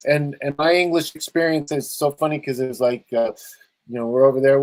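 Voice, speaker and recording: A talk show host from Los Angeles talks over a video call in a loose, rambling way. He laughs easily and jumps between stories. His voice sits at a middling pitch, and the sound is close and dry with no room. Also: flat delivery, a little fast, a little mellow, dry recording, rough recording. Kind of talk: casual video call chat.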